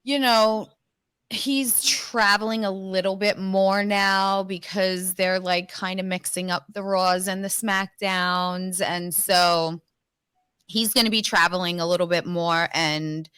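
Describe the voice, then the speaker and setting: A woman in her thirties or forties chats casually on a podcast and tells stories with a lot of laughter and some swearing. Her voice sits at a middling pitch, and the recording is dry and close. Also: fairly even intonation, takes it slowly, fairly bright tone, clear, resonant tone, no echo. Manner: laughing storyteller, swears freely. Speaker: podcast co-host and guest. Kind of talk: casual chat.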